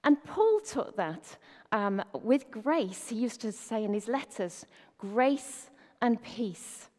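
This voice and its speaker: A woman's voice: a little high, very animated, takes it slowly, warm tone. Woman preaching in a reverberant hall. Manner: conversational, asks rhetorical questions. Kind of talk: sermon.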